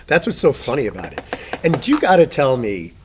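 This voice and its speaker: A middle-aged man hosting a podcast, telling stories in a loud, animated, profane way and laughing often. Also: medium pitch, fairly quick, noisy background. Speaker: podcast host. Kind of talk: casual chat.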